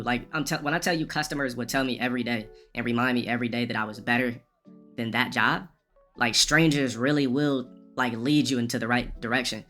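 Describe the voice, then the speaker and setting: A man's voice: mid-range voice, steady tone, brisk, bright, forceful tone, soft background music. A man rambling through a profane, casual story as a streamer, with frequent restarts.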